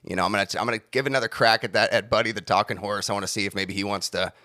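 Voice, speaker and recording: Brief: halting man comedy guest, tense tone, very dry mic. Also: fairly low pitch, fairly even intonation, bright, forceful tone, no echo. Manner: halting, full of fillers. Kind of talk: improvised comedy chat.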